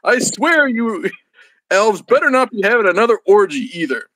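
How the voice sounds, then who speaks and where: A man reading aloud, voicing a harried, foul-mouthed old Santa Claus who bellows and swears. His voice is high for a man and dry. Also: very animated, moderate pace, pushed and bright, dry recording, exaggerated voice. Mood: irritable. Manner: bellowing, profane.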